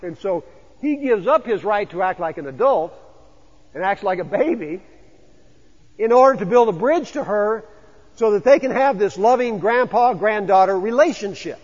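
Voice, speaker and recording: Husky-voiced pastor preaching in a reverberant hall. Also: male voice, high voice, lively intonation, normal speed. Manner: conversational, asks the congregation questions. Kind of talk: sermon. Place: church sanctuary. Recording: dull lo-fi sound with long church reverb.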